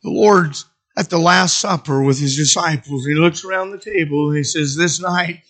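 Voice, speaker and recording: High, bright-voiced male preacher. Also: moderate pace. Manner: dramatic storytelling, sudden shifts from loud to hushed. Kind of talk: sermon.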